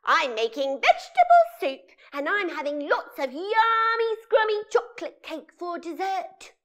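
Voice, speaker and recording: A woman's voice: very high-pitched, very animated, a little slow, exaggerated voice. A woman voicing a sly female witch who puts on a sweet, coaxing manner to lure children to lunch in a storybook. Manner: sugary, coaxing invitations.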